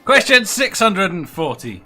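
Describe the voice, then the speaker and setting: A man's voice: sits high, very animated, a little slow, pushed and bright, faint music behind. A man hosting a casual online quiz with friends, laughing often between lines. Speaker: quiz host.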